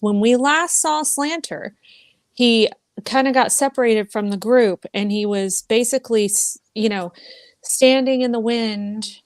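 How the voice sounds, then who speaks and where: A woman's voice: a little high, dry recording. A woman co-hosting a casual book chat, talking in an easygoing way and thinking aloud as she recalls the plot.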